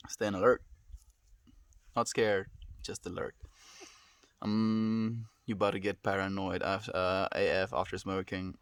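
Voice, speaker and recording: A young man chatting calmly on his live stream, reassuring viewers and often calling them "my friend". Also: low voice, unhurried, long pauses, smooth, no room sound. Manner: calm, reassuring, says "my friend" a lot. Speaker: livestreamer. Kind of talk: casual live stream chat reading viewer comments. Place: at home.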